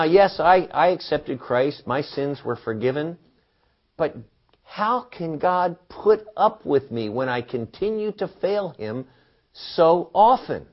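Animated slow-talking Bible teacher, a man. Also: a little high, muffled recording. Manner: animated, asks the listeners questions and quotes scripture.

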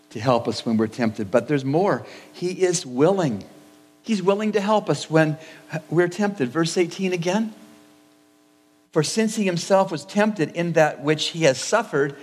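A man preaching a sermon as pastor, in a measured, repetitive cadence in a church sanctuary. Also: on the high side, long reverb tail.

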